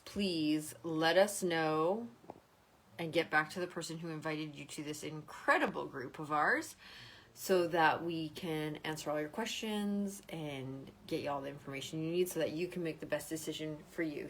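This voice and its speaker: The poor-quality audio features a woman with a West Coast Canadian accent, hosting a live-streamed sales pitch via computer mic on a video call. She sounds upbeat and enthusiastic, with a fairly bright tone at a moderate pace.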